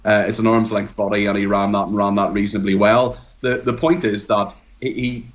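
Male pundit guest, low-ish voice, rapid and blunt, opinionated. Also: little pitch movement. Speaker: political commentator guest. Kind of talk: political discussion on radio.

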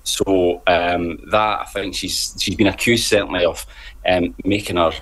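A man speaking as a guest on a radio panel, measured and hesitant, with frequent ums. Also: sits low, fairly even intonation, a bit bright, low-quality recording. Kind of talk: studio panel discussion.

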